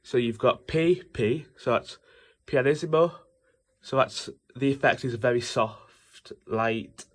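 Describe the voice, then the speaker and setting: A man's voice: mid-range voice, slow. A young man talking through music notation in a loose, rambling way, with many fillers and self-corrections. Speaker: music theory teacher. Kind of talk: casual informal lesson explaining notation.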